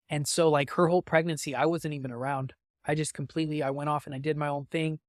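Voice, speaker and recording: A man's voice: on the high side, steady tone, no room sound, studio quality. Young man sharing a heartfelt story. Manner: halting, heavy with fillers and restarts; emotional, openly moved. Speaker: podcast guest. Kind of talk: candid personal storytelling.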